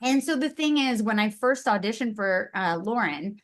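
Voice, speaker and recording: A woman voice actress chatting casually as an interview guest, bubbly and quick to giggle. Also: on the high side, animated.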